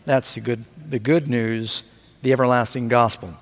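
A man preaching a sermon, telling stories with rising excitement and asking the audience for amens. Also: medium pitch, moderate pace. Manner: animated storytelling preacher. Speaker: pastor. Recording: long hall reverb.

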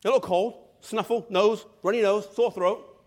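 A man preaching a sermon with emphasis, addressing the congregation directly, slowing down on key words and sometimes dropping to a hush. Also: sits high, steady tone.

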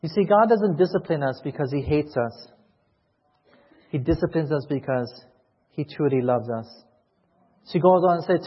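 A man's voice: fairly high pitch, animated, moderate pace, pauses often, husky. A man preaching a sermon as a pastor, pleading emotionally and asking repeated questions to his church. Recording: echoey hall, muffled lo-fi sound.

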